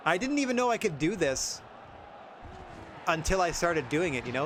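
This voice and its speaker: A male game streamer with a fairly high voice, chatting casually between plays. He talks softly and rambles, often hedging and downplaying himself. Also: expressive, moderate pace, noisy background. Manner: rambling, self-effacing, soft-spoken. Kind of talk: casual chat while playing.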